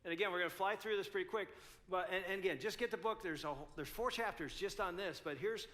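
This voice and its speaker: Animated, bright-voiced older male speaker. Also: high voice, quick pace. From United States. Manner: animated, self-mocking storyteller. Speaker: conference speaker. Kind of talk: storytelling talk to a live audience.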